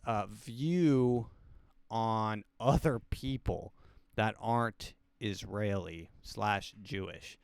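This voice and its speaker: A man in his twenties, a podcast host, talking in a rambling, hesitant way with deadpan jokes. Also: medium pitch, clean tone, no room sound, clean studio sound. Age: 20s. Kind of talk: casual solo commentary.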